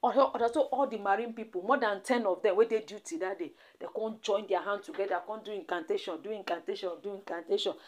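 A woman's voice: medium pitch, quick pace, hardly any pauses. A Nigerian woman telling a celebrity gossip story in a dramatic, repetitive, exclamatory way. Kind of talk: storytelling commentary in Pidgin.

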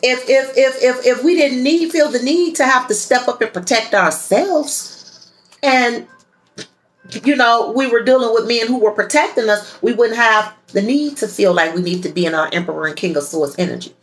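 Woman, tarot reader, fairly high voice, blunt, profane, preachy, repeats herself. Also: moderate pace, low-quality recording. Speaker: tarot reader and channel host. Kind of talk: tarot reading monologue to viewers.

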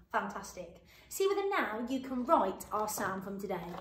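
A woman teacher giving a phonics lesson to young children, sounding out letters slowly and clearly and praising warmly. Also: mid-range voice, expressive, slight background noise. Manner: encouraging praise. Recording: roomy echo.

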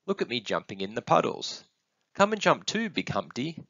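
A man voicing a playful little boy camel calf in a storybook, with high, excited questions. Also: a little fast, no echo, full character voice. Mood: eager. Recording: dull, dry close recording.

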